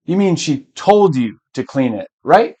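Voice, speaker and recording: A man's voice: fairly high pitch, big pitch swings, a little slow, mellow, husky, exaggerated voice. A man voicing a puzzled male office boss in a teaching skit, questioning and mildly stern.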